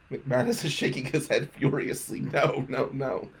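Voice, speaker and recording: In a radio studio, a man hosts a talk show, delivering a casual comedic monologue of self-mocking stories and laughing at his own jokes. His voice is mid-range and creaky, with slight background noise.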